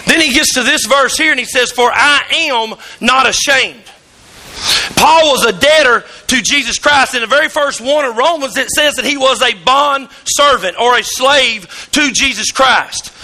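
A middle-aged man, preaching a sermon in a church, telling folksy stories and rising to shouts. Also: very high-pitched, normal speed. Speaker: pastor. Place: church sanctuary.

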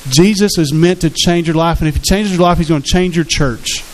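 Earnest preacher, slightly high voice. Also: male voice, a little fast, slight background noise, low-quality recording. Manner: earnest, conversational preaching with acted-out quotes. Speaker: pastor. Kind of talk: sermon.

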